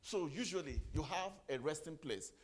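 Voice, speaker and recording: A man's voice: fairly high pitch, animated, moderate pace. A middle-aged man giving a motivational sermon, firing rhetorical questions, repeating phrases and giving the audience commands. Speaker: motivational speaker.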